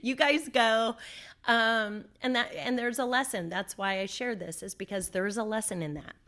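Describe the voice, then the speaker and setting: Woman, interview guest, personal story, lively delivery, acts out dialogue, mid-range voice. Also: mid-range voice, moderate pace. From Southern California. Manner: animated storyteller, acts out her own quotes.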